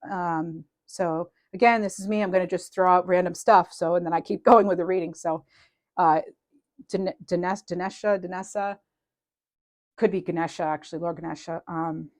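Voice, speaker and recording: A woman giving a casual tarot reading to her viewers, rambling and animated, with many fillers and restarts and light laughs. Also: fairly low pitch, moderate pace. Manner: laughs lightly while talking. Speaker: tarot reader.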